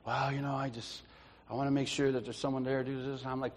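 A lay preacher speaks in a church sanctuary, his fast, level, medium-pitched voice carrying a long hall reverb. His informal teaching is built on anecdotes, and he often laughs and acts out the people in his stories.

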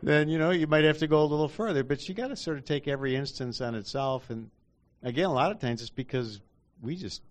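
A man's voice: on the high side, fast talker. A man in a casual church group discussion, rambling with many fillers and acting out quotes.

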